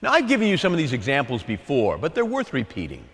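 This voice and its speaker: A man who is a priest, preaching a sermon with lively emphasis, repeating key phrases and asking his listeners to agree. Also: medium pitch, fast, in a large hall.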